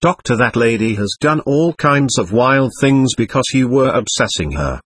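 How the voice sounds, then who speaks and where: A man voicing a patient doctor at a séance, talking in a measured, reasoning, admonishing way with a husky voice. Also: mid-range voice, lively intonation, a bit bright.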